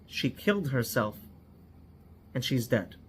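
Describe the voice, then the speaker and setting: A man acting out a female social worker who delivers hard news slowly, gently and plainly. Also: medium pitch, sing-song, slight background noise. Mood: gentle. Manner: gentle, slow, direct.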